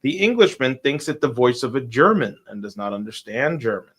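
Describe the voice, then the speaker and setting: A man reads a classic detective tale aloud on a relaxed live stream. He works through a long, wordy speech, sometimes tripping over a word and starting it again. His voice sits at an ordinary middle pitch. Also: brisk, breathy edge. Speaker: co-host reading a classic story aloud.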